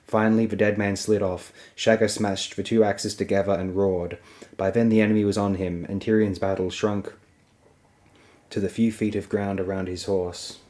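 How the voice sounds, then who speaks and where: A man reading a fantasy novel aloud as an audiobook, in a steady, even storytelling manner. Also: on the low side, normal speed. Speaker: audiobook reader.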